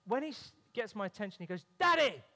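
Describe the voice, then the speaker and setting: A man's voice: high voice, lively intonation, quick pace. A man preaching a sermon in a church, earnest, with humorous family stories. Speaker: pastor. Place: church sanctuary. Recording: long reverb of a church hall.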